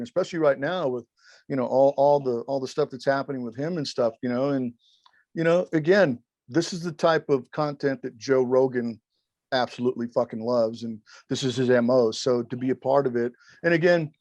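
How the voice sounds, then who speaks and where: A man's voice: mid-range voice, darkish tone, dry recording, highs cut off. A man as a podcast guest, telling candid stories emphatically, with heavy swearing and acted-out quotes. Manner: profane, emphatic, acts out quotes. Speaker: former wrestling referee, podcast guest. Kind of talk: candid interview storytelling.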